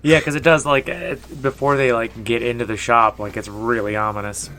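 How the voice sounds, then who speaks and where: A man co-hosting a podcast in casual chat, speaking haltingly with frequent restarts and filler words. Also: mid-range voice, steady tone, sharp tone. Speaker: podcast co-host.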